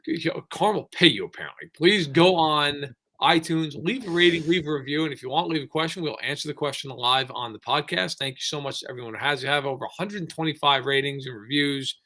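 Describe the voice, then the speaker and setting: A man co-hosting a sports podcast, talking casually and ranting excitedly with frequent restarts. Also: a little high, brisk, hardly any pauses. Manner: excitable, animated rants with lots of restarts. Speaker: podcast co-host.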